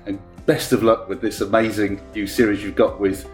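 A man's voice: lowish voice, little pitch movement, moderate pace, faint music behind. A man hosting a podcast interview, friendly and agreeable, often murmuring short replies. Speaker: podcast host.

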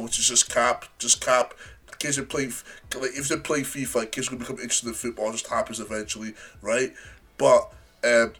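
A young man co-hosting a casual podcast chat, animated and often laughing. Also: mid-range voice, normal speed, slightly rough. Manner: animated, laughing, excitable outbursts. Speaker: podcast co-host.

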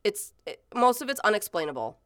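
With a fairly bright, medium-pitched voice that swings widely, this woman in her thirties talks fairly quickly. She's a podcast co-host rambling through stories in casual chat, heavy on fillers and free with swearing, in a dry, studio-quality recording.

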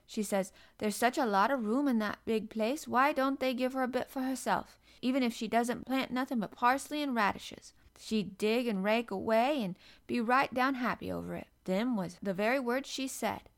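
Woman voicing a young Yorkshire maid, broad dialect, hearty, loud and bright, storybook reading. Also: fairly high pitch, normal speed, few pauses, voice pushed up, natural voice. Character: blunt cheerful young Yorkshire housemaid.

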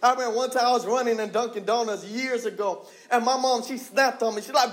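A young man in his twenties preaching a sermon with passion, repeating phrases and dropping his voice low for emphasis. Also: moderate pace, hardly any pauses. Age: 20s.

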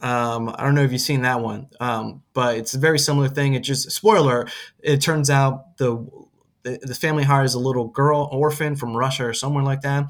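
A man's voice: mid-range voice, steady tone, brisk. Rambling man in casual movie chat. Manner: rambling, many restarts and acted-out quotes. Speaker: podcast co-host.

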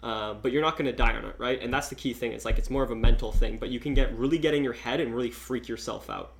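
A man's voice: medium pitch, fairly even intonation, fast, vocal fry, fairly bright tone. A man casually telling a long story, rambling and full of filler words. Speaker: podcast host telling a story.

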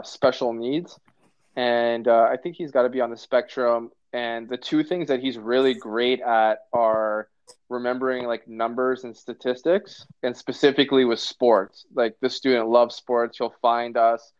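A man's voice: medium pitch, no room sound. Chatty man, dull dry sound. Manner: chatty storyteller, relaxed and amused. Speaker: teacher and podcast co-host. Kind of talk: casual chat.

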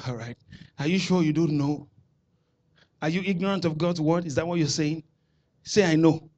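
A man with a Nigerian accent preaching a sermon, calling out to the congregation and building to shouted declarations. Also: on the high side, steady tone, moderate pace. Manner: preaching with call-and-response, rising to shouts. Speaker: pastor.

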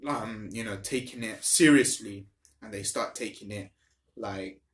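A man's voice: lowish voice, a little slow, a bit bright, reverberant. A young man chatting casually with a friend, blunt and joking as he gives his opinions. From India. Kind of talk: casual chat between friends.

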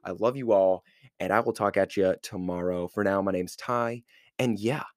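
A low-voiced man hosts a podcast and recaps an episode in a loose, rambling way. He leans on filler words as he talks. The sound is dry and close to the mic. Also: moderate pace, a little mellow, no room sound. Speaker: podcast host.

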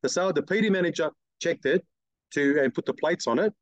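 A middle-aged man, a guest telling blunt, lively stories in an interview and acting out other people's lines. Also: on the high side, fairly quick, no room sound. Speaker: guest, car detailing business owner. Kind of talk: casual interview storytelling.

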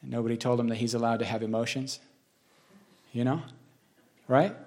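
A preacher with a steady, darkish, mid-range voice teaches informally from the Bible to a small group. He reads passages slowly and emphatically, then talks in earnest, conversational asides.

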